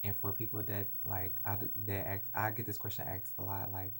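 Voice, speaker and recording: A man's voice: on the low side, a little fast, creaky, a little hiss or hum. A young adult man earnestly telling a personal story in a confessional vlog, recorded on a phone. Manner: earnest, animated, emotional retelling. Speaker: vlogger.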